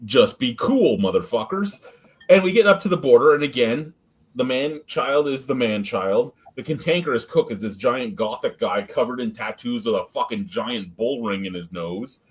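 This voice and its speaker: A man's voice: medium pitch, normal speed, husky. A man hosting a beer review stream, telling an anecdote and swearing freely. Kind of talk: casual profane storytelling.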